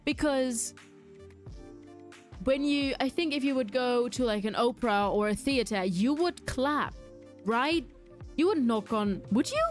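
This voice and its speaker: A young adult woman with a slightly high voice talks casually to her stream chat. She rambles from thought to thought, animated and quick to laugh. Faint game music sits quietly in the background. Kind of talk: casual chat while gaming, reading chat aloud.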